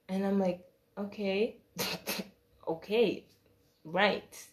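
A young woman in the middle of a storytime, talking casually and full of slangy asides. She acts out each exchange, her voice swinging from hushed mutters to loud, dramatic outbursts. Her pitch sits in a mid range for a woman. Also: extremely slow, pauses often. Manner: animated, acts out quoted dialogue with shifting voice; chatty and slangy, with asides and laughter.

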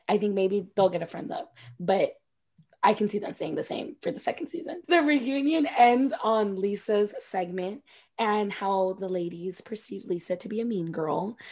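Husky-voiced woman gossiping, profane and animated. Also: mid-range voice. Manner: chatty, profane, animated retelling. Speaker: podcast co-host. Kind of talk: casual reality-TV recap chat.

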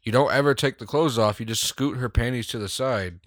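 A man from the United States co-hosting a crude casual podcast chat, profane and animated, laughing often. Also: mid-range voice, brisk, no room sound, studio quality. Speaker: podcast co-host.

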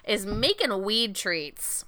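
A young adult woman co-hosting a casual chat podcast, telling animated, profane stories and acting out what others said. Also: medium pitch, slow pace, no room sound. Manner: profane, animated storytelling with quoted voices. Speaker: podcast co-host.

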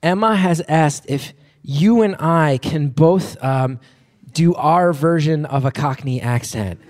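A man's voice: on the high side, takes it slowly, darkish tone, big-room sound. A man hosting a live podcast, chatty and self-deprecating, often restarting his sentences. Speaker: podcast host. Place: live venue before an audience.

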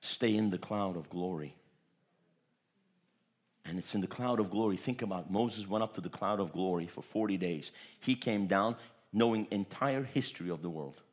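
A pastor from Turkey preaching a sermon, telling stories animatedly and often repeating words. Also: male voice, fairly low pitch, brisk. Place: church.

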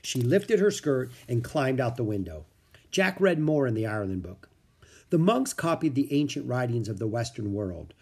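A man reading a children's chapter book aloud, expressive and switching voices for each character. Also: mid-range voice, moderate pace, husky. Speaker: audiobook narrator.

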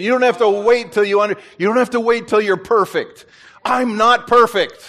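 A man, a pastor, preaching a sermon in an animated way and joking with his congregation. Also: high-pitched, fairly quick. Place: church.

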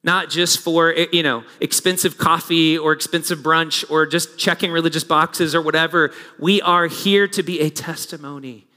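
A middle-aged male pastor delivers a sermon with a bright, ringing voice pitched a little high. He drops to hushed, reflective tones, then builds to urgent, rising exhortation. The sound carries a long reverb from a large church sanctuary. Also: fairly even intonation, normal speed, hardly any pauses.

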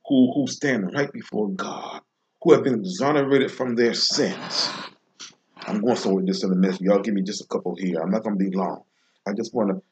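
A man delivering an informal devotional sermon, slow and emphatic, repeating phrases with long pauses. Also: on the low side, darkish tone. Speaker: preacher.

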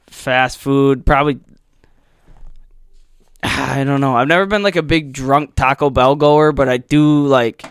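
Young guy rambling about food on a podcast, swears a lot, smooth voice, dry close mic. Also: medium pitch, steady tone, slow pace, pauses often, no room sound. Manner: rambling, profane, restarts often. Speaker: podcast co-host. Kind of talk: casual chat.

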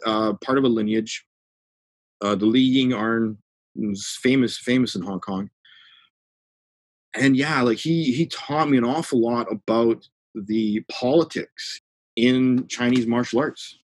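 Husky man telling stories animatedly. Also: medium pitch, no echo. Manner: animated storytelling, acts out dialogue with voices. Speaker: martial arts teacher. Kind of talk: casual chat.

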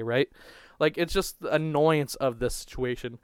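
A man's voice: on the high side, normal speed, clean tone, no room sound. A young man telling a crude, rambling story on a casual podcast, swearing constantly and restarting his sentences. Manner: profane, rambling, restarts a lot.

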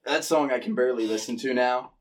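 A man's voice: mid-range voice, fast talker, distant mic. A young man hosting a podcast, chatting loosely and casually, with a lot of dude and bro and some swearing. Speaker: podcast host. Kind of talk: casual chat.

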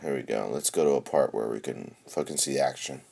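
A young man chatting casually while streaming, excitable and swearing constantly, swinging from mumbling to shouting. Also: a bass voice, a little fast, creaky. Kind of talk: casual profane livestream chatter.

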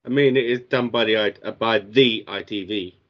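A man's voice: on the low side, moderate pace. A man chatting casually on a podcast, easygoing and chuckling. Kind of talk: casual chat. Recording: dull lo-fi sound.

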